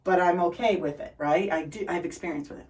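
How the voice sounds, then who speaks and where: Relentlessly positive and full of energy, a middle-aged Boston-accented woman from Boston guests in a conversation, telling upbeat stories. She talks at a quick pace in a fairly low voice, heard through a distant mic in poor audio.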